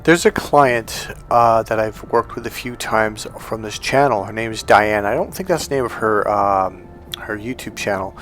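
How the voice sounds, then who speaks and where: A man speaking as a relationship coach in a motivational monologue, telling stories with animated delivery. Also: fairly low pitch, normal speed, faint music behind. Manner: animated storytelling, acting out dialogue.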